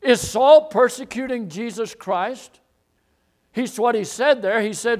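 A man preaching a sermon who explains a Bible passage, repeats phrases for emphasis and swells into loud declarations. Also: very high-pitched, unhurried. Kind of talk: sermon, expository Bible teaching.

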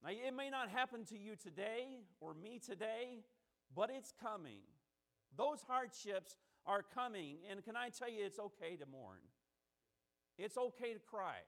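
A man with a notably high voice preaches a sermon. He stacks repeated phrases and draws out the key words as his emphasis rises. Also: animated, measured pace, a bit bright.

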